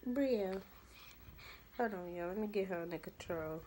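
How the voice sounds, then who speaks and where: A young woman, a new mother, telling a casual storytime vlog in a chatty, expressive, colloquial way. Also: medium pitch, slow pace, long pauses, a little hiss or hum.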